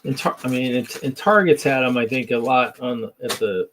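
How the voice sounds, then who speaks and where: A man's voice: mid-range voice, brisk, fairly bright tone, slight background noise, poor audio. A man co-hosting a casual live stream, muttering to himself as he rummages through his pieces. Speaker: co-host. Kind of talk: casual chat while sorting minifigures.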